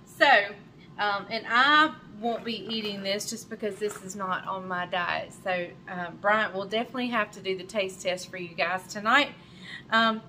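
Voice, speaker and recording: A woman's voice: mid-range voice, bright, forceful tone, a little hiss or hum. A woman hosting her own cooking show from her home kitchen, chatting casually as she cooks, with plenty of fillers and self-corrections. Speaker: cooking channel host.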